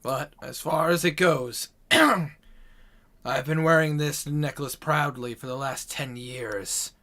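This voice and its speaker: Guy doing a grim demon hunter dude, proud of his kill, talks slow and even. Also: a little high, heavily acted. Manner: grim, boastful, measured. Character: proud male veteran demon slayer, grim.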